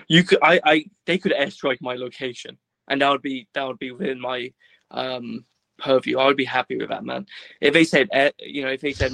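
Young British man, guest, gravelly, dry close sound, easygoing rambler. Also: mid-range voice, steady tone, brisk, a bit bright, no echo, low-quality recording. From Britain. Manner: rambling, laid-back, full of "like" and quoted dialogue. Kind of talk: casual storytelling.

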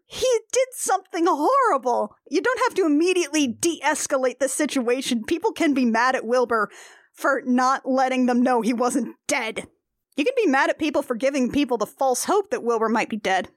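A woman's voice: high voice, lively intonation, normal speed, no room sound, clean studio sound. A woman hosting a casual podcast, recapping a comic strip with exasperated sarcasm and frequent laughter.

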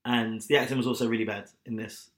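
A man's voice: lowish voice, little pitch movement, fast talker, a bit bright. A young man chatting bluntly and mockingly on a podcast, retelling stories with animation. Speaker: podcast co-host. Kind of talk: casual chat. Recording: echoey room.

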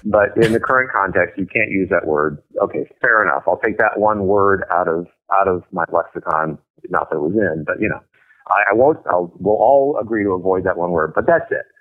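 A middle-aged man with a very deep, low voice speaks bluntly and emphatically, swearing freely as a guest author in a casual chat. His voice comes through a thin, tinny line that sounds like a telephone. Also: fairly quick.

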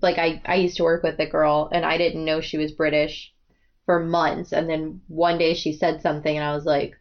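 An American woman hosts a casual book-club podcast, talking in long, rambling asides. Her voice sits a little low. The recording is dull and lo-fi, like a home podcast setup. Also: level tone, normal speed. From United States. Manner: chatty, rambling, quotes others in asides. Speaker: podcast host.

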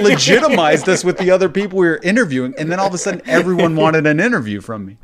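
A man's voice: a little high, expressive, rapid-fire, hardly any pauses. A man co-hosting a podcast, telling a story in casual chat with an amused, rambling manner. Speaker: podcast co-host.

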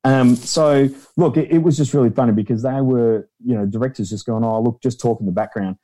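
A man's voice: medium pitch, fairly quick, mellow. A man, a guest in a casual interview, telling rambling stories and acting out quotes in a raised voice. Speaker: guest, founder of an extras agency.

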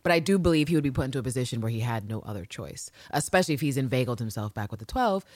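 A woman co-hosting a casual podcast, recapping a TV episode in an animated, profane way and acting out characters' lines. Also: very deep voice, racing, dry recording. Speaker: podcast co-host.

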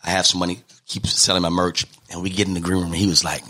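A man, a comedian, telling animated stories in an interview, acting out the people he quotes. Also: low-pitched, fast talker, hardly any pauses. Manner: lively, acts out quotes in different voices. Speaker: comedian and guest.

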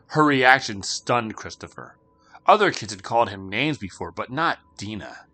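A man's voice: lowish voice, expressive, normal speed, pushed and bright. A man narrating a spooky children's story with dramatic, shifting delivery.

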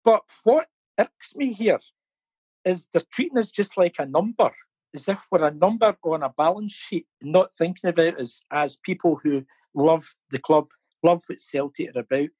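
A man's voice: fairly high pitch, normal speed, a little mellow, husky, no room sound, dull audio. A middle-aged man, telling stories as an interview guest, laughing often and repeating words as he thinks. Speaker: interview guest, fan campaigner. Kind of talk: casual storytelling interview. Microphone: phone or video call.

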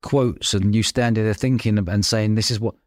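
A man, telling lively anecdotes in a casual podcast chat and acting out the voices of people he quotes. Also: on the low side, moderate pace, dry recording, studio quality. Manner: animated anecdotes, acts out quoted voices, laughs often. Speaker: podcast host.

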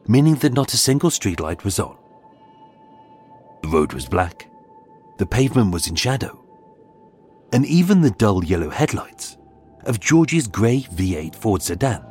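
Man, scripted true-crime narration, deep-ish voice, very expressive pitch, faint music underneath. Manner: measured, dramatic storytelling with suspenseful pauses. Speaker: podcast host and narrator. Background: faint background music.

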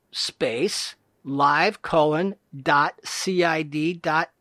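A man's voice: fairly high pitch, a bit bright, no room sound. Droge man die spam voorleest. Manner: reads every punctuation mark and space aloud, dry and mocking. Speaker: comedic reader. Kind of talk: deadpan reading of scam emails aloud, punctuation included.

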